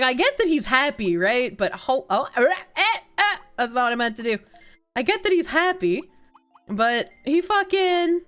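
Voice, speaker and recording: Young woman streamer, swoopy animated delivery, crude and jokey, faint game music under her. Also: high-pitched. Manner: casual, profane, joking with chat. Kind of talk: live game stream chat.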